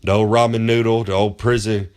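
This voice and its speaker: A man's voice: on the low side, flat delivery, brisk, darkish tone, clean tone. A pro wrestler man giving road tips in a comedic in-character monologue, boastful and rambling in folksy slang.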